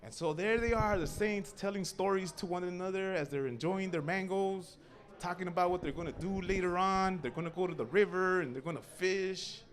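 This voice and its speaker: A young man telling a profane comic story at an open mic, acting out voices and shouting. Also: high-pitched, brisk. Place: small cafe open mic stage.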